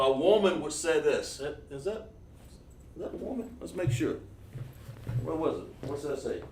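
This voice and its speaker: A man's voice: on the high side, recorded from a distance, a little hiss or hum. Chatty man teaching from across an echoey room. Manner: loose and chatty, drawing on a board while talking to viewers. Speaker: Hebrew teacher on a livestream. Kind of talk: casual livestream lesson. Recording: echoey room, voice away from the mic.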